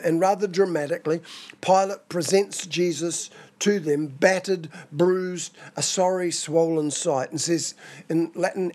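A man preaching a sermon in a measured, expository way. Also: fairly high pitch, a little mellow. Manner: measured, expository, dramatizes quoted scripture.

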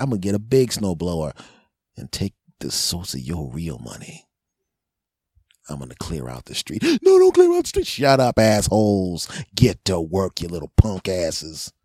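Husky brash man in his forties. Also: low-pitched, a little mellow, no echo. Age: 40s. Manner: brash, profane, mock-threatening. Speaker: podcast host. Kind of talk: comedic rant monologue.

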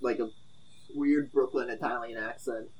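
A young man co-hosting a podcast in casual chat, laid-back and halting as he talks things through. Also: medium pitch, steady tone, slightly rough, poor audio. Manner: laid-back, halting, with fillers and small laughs. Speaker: podcast co-host.

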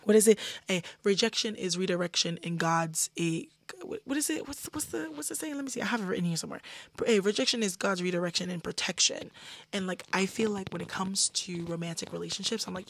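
A young woman in her twenties hosting a casual podcast, animated, swinging between loud venting and soft asides. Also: medium pitch, fairly quick, no room sound. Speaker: podcast host.

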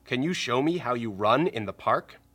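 A man's voice: mid-range voice, expressive, normal speed, fairly bright tone, breathy edge. A man voicing a playful friendly dog. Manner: cheerful, inviting children to join in.

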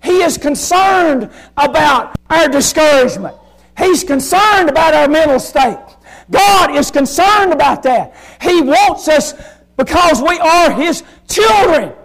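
A man preaching a sermon, rising to shouts and then dropping to a hush, asking his congregation one question after another. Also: very high-pitched, low-quality recording. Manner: fervent, swinging from loud shouting to hushed quiet; asks the congregation rhetorical questions.

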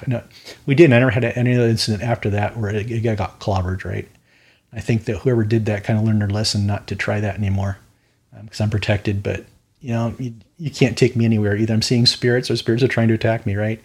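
A man's voice: lowish voice, steady tone, quick pace, a little mellow, slightly rough. A man who is a minister and podcast host, telling stories in a casual fireside chat. He talks earnestly, rambles off on tangents and often asks "right?". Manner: rambling, with tangents and frequent "right?" tag questions; earnest, matter-of-fact about spiritual warfare.

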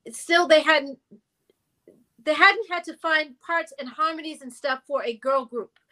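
A middle-aged woman, a former girl group singer, telling animated stories in a casual interview and acting out the people she quotes. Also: high-pitched, unhurried. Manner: animated storyteller who acts out quotes and sings notes.

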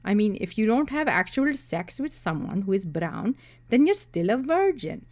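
A woman voicing a manipulative young man who talks in a flat, entitled, coaxing way. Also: high voice, normal speed, pitched above the performer's own voice.

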